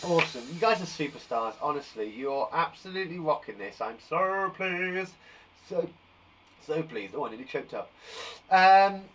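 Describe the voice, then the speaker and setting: A man teaching a live online lesson for young children from a garden shed, upbeat and warmly encouraging, chatting with a puppet. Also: fairly high pitch, expressive, normal speed, far from the mic, music in the background. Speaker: primary school teacher.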